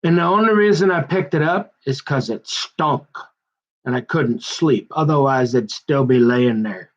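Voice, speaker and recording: Man, mid-pitched, aggrieved rambling monologue, halting restarts, muffled lo-fi audio. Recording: dull muffled lo-fi recording.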